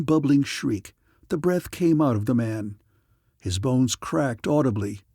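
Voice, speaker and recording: A man reading a science fiction audiobook as narrator, in a dramatic, measured storytelling manner. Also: mid-range voice, darkish tone, no room sound, clean studio sound.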